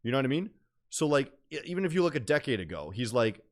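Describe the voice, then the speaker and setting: A man's voice: mid-range voice, sing-song, fast talker. A young man streaming about day trading in casual chat, rambling with lots of fillers and slang.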